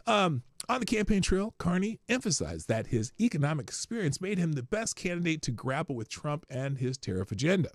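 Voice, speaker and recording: A man's voice: fairly high pitch, very animated, brisk, hardly any pauses, no room sound, clean studio sound. A man with a Minnesota accent hosting a livestream, reading news aloud with sarcastic asides. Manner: sarcastic, laughs at own jokes. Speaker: livestream host.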